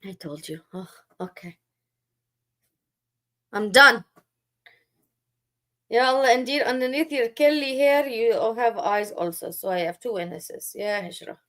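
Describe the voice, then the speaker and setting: A woman's voice: a little high, animated, a little slow, pauses often, a bit bright. A woman live-streaming, talking back to her chat in a sarcastic, mocking and scolding way. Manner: scolding, lecturing.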